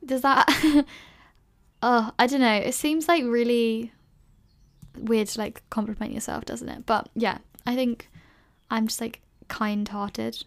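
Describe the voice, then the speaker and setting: Young woman podcaster, early twenties, a bit high-pitched with gravelly fry, chatty and rambling. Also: steady tone, slow. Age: early 20s. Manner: chatty, rambling, heavy use of "like", self-conscious laughs. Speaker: podcast host. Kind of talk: casual solo Q&A podcast chat.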